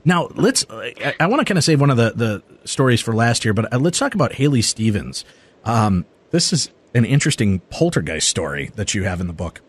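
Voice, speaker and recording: A man hosting a radio talk show, telling a story in a lively casual way and acting out the people he quotes. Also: medium pitch, fairly quick, husky. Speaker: radio host. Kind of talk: casual radio interview chat.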